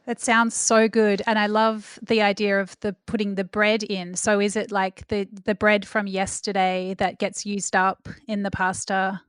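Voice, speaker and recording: A woman's voice: mid-range voice, level tone, a little slow, few pauses, smooth, no room sound, studio quality. A woman hosting a food podcast, speaking in an enthusiastic, effusive way. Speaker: podcast host. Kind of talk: interview and scripted outro.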